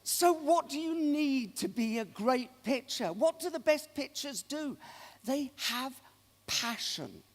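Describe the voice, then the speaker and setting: A man's voice: very high-pitched, slow. A man giving a keynote speech, telling anecdotes to an audience in a large conference hall. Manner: animated anecdotal storyteller. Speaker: keynote speaker. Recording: long reverb of a large hall.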